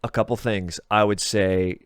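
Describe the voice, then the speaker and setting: A man's voice: lowish voice, fairly even intonation, measured pace, smooth, no room sound, studio quality. A man in his thirties, a podcast guest, talking loosely and candidly in casual conversation, swearing freely and laughing at himself. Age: 30s. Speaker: podcast guest, video game content creator. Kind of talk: casual interview chat.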